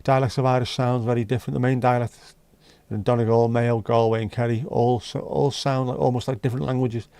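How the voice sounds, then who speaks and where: A man's voice: mid-range voice, flat delivery, brisk, few pauses, mellow, clear, resonant tone, no room sound. A man from North West England, hosting a livestream and chatting bluntly with his viewers. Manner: blunt, chatty, swears casually. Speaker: livestream host. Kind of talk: casual chat with live chat.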